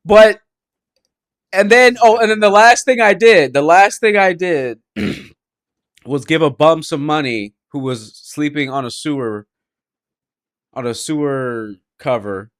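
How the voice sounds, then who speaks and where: A man with a high voice tells a meandering story on a casual gaming podcast. He talks slowly, swearing often and circling back over his words. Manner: rambling storytelling, lots of swearing and restarts. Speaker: podcast co-host.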